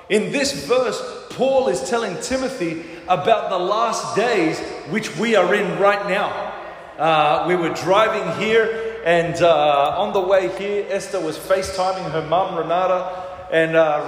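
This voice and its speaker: A man preaching a sermon as pastor, emphatic, with frequent "uh" fillers. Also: high-pitched. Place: large church hall. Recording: echoey church hall.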